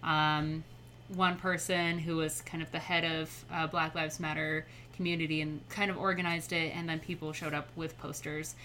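A young adult woman speaking as a podcast guest in casual conversation, chatty and quick to laugh. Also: sits low, level tone, sharp tone, a little hiss or hum.

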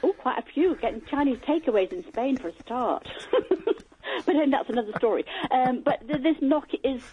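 A woman's voice: sits high, animated, a little fast, breathy edge. A woman calling a radio phone-in, insisting on her point and talking over the host. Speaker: caller. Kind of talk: phone-in call. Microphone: telephone. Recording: phone line.

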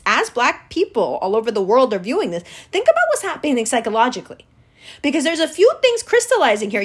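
A woman delivering an angry, profane political rant, switching between slow emphatic lecturing and sarcastic outbursts. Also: fairly high pitch. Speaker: commentator.

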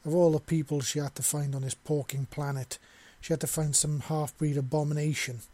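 A man narrating a science fiction story in a steady, plain reading voice. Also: a little high, brisk, no room sound.

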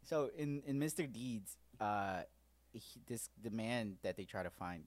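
A man's voice: on the low side, a little slow. A man co-hosting a podcast, retelling comedy movie scenes in a casual chat and swearing freely. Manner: animated storyteller who swears casually. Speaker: podcast co-host.

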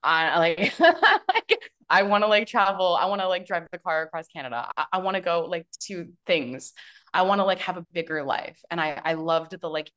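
Woman guest, low-ish voice, casual storyteller, chatty with fillers and laughs. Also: lively intonation, normal speed, a bit bright. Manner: chatty, many fillers and restarts, bursts of laughter. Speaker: guest, business and mindset mentor.

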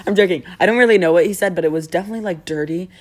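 A young woman chatting casually with friends, her voice sitting a little low. She rambles through her stories with a sarcastic edge and keeps breaking into giggles. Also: racing. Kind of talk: casual chat among friends.

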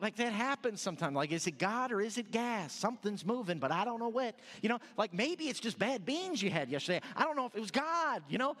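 A man's voice: sits high, fairly bright tone. A male pastor preaching a sermon in a loose, joking, conversational way, often restarting his sentences. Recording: long hall reverb.

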